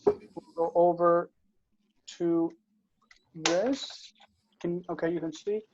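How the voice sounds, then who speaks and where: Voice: mid-range voice, fairly even intonation, takes it slowly, slight background noise. A teacher giving an online grammar lesson over a video call, explaining patiently with lots of fillers and restarts. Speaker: Hebrew teacher. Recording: muffled video call audio.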